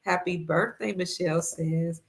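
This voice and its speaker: A woman's voice: on the low side, fairly even intonation, unhurried, gravelly. A woman hosting a casual livestream, greeting viewers by name and reading their comments, a little congested. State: congested, fasting. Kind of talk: casual live-stream chat.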